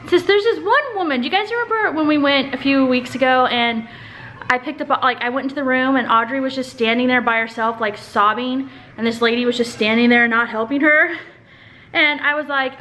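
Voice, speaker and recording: A woman's voice: sits high, fairly even intonation, brisk, bright, forceful tone. A young woman vlogging in a casual, rambling chat to the camera, filling her talk with "like". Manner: chatty, rambling, fills with "like". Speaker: family vlogger.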